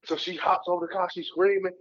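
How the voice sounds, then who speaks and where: A man's voice: sits high, flat delivery, fast talker, a bit bright, dull audio. A young man co-hosting a podcast, telling a story in casual, slangy, profane speech. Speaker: podcast co-host.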